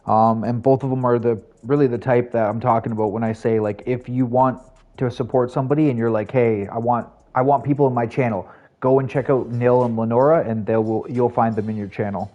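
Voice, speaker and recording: A young man live streaming and chatting casually with viewers, rambling, laughing at himself and jumping into high voices for quotes. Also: fairly even intonation, fairly quick, lo-fi sound. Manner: rambling, self-mocking, laughs often, jumps pitch for quoted voices.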